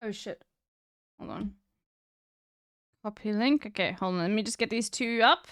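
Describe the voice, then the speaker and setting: A woman's voice: medium pitch, moderate pace, a bit bright, no room sound, studio quality. A woman streamer chatting casually on a live stream, blunt and slangy, with frequent swearing.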